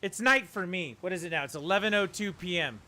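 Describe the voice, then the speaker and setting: A man's voice: high voice, quick pace. A middle-aged man chatting casually while streaming a video game with viewers. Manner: chatty, talks to his dog in a soft coaxing voice. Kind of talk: casual live-stream chat.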